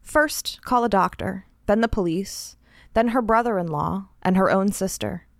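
A woman host narrating a short story in a measured, deliberate reading style. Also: medium pitch, creaky, dry recording, studio quality.

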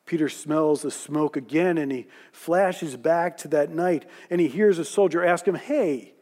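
A man delivers a sermon as a story, his voice pitched high. His tone is mellow and warm, and he eases into slow, quiet phrasing for quoted lines. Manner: storytelling, voicing quoted lines softly and slowly. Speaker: preacher. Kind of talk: sermon narration.

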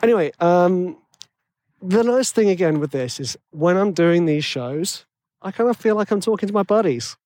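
A man's voice: high voice, animated, normal speed, a little mellow, dry recording. A man with a tenor voice hosting a podcast, rambling and self-deprecating in casual chat full of fillers. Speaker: podcast host.

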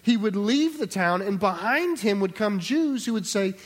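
A man's voice: high-pitched, expressive, normal speed, hardly any pauses. A pastor preaching an expository sermon in a conversational way, acting out quoted voices and repeating words as he restarts.

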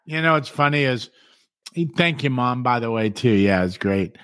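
Male host, middle pitch, chatty and rambling, dry studio mic. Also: lively intonation, moderate pace, a bit bright, clean tone, no echo. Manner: rambling storyteller, keeps saying "man" and "you know". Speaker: show host. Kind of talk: casual talk show chat.

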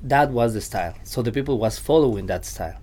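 A man who is a vocal coach, guesting on a casual podcast and talking in a halting, animated way with many restarts. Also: mid-range voice.

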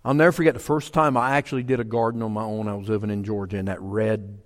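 A man's voice: fairly low pitch, fairly even intonation, quick pace. Folksy preacher man in an echoey hall. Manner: folksy, emphatic, repeats phrases. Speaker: pastor. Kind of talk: sermon.

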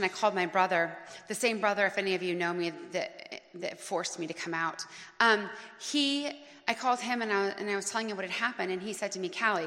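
A woman's voice: mid-range voice, creaky, fairly bright tone, long reverb tail. A woman telling a personal story on stage, earnest and emotional, linking her sentences in long chains.

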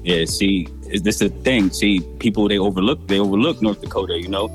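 A man's voice: on the low side, a little fast, soft background music. A man from New Jersey, a rapper guest in a casual interview, laid-back and filling his talk with "you know.". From New Jersey, USA.

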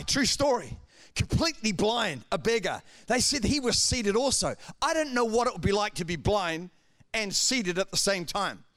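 High-voiced male preacher, fervent delivery. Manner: preaching with swings between calm and shouted passages. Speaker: pastor. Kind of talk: sermon.

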